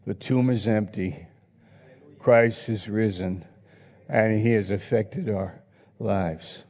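Speaking slowly in a lowish voice with a darkish tone, a male pastor gives an earnest, reflective sermon, reading scripture aloud. The church hall adds long reverb to the recording.

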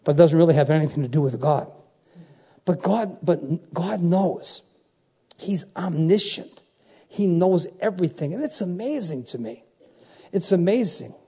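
A man in his seventies preaches with a high-pitched, mellow voice. He drives his points home with repeated phrases and keeps checking in with the congregation. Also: lively intonation, measured pace, husky. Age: 70s. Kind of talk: sermon.

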